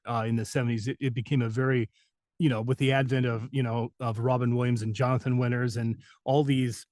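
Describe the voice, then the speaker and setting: A man's voice: medium pitch, darkish tone, dry recording. Rambling man telling showbiz stories, dry. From New Mexico. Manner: rambling anecdotes with many fillers and restarts. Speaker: voice actor guest. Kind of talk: interview storytelling.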